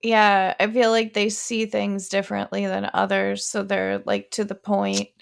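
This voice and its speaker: A woman's voice: medium pitch, completely flat delivery, unhurried, gravelly, smooth. A woman co-hosting a podcast, chatting casually and rambling with lots of fillers and restarts. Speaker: podcast co-host. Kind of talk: casual chat.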